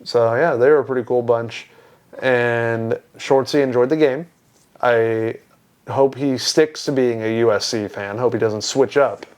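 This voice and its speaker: A man's voice: mid-range voice, fairly even intonation, measured pace, darkish tone, clean tone. Give me a young man telling a laughing story on a podcast. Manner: laughing storyteller, mimics voices in his anecdotes. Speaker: podcast co-host. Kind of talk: casual chat.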